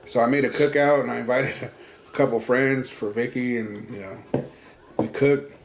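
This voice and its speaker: A man's voice: medium pitch, normal speed, a little hiss or hum. A man casually telling a story to friends, swearing freely and acting out friends' lines in a raised voice. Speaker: podcast co-host. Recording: roomy echo.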